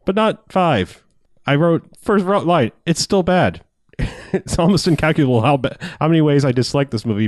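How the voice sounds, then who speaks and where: A man's voice: on the high side, a little mellow, dry recording, clean studio sound. A man in casual podcast chat, rambling about movies, often laughing and swearing as he acts out lines.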